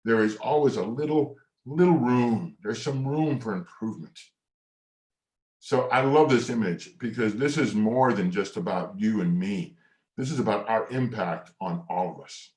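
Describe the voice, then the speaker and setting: Middle aged guy giving a mindset class, low voice, slow and sincere, roomy echo, soft music behind. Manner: earnest, slow and reflective, drops to near whisper on mantras; leads hand exercises with lively coaching cues. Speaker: presenter of an online masterclass. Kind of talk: motivational teaching talk.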